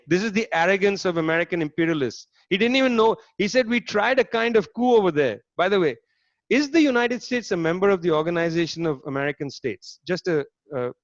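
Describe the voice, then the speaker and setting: A man giving a political lecture in an animated, sardonic way, stressing words and putting rhetorical questions to his audience. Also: a little high, no room sound, highs cut off. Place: online talk, home setup.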